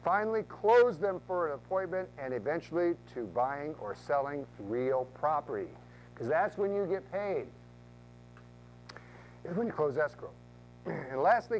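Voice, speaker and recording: A man teaching a room of real estate agents in a training talk, lively and acting out quoted voices, often repeating words as he goes. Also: fairly high pitch, slight background noise, poor audio.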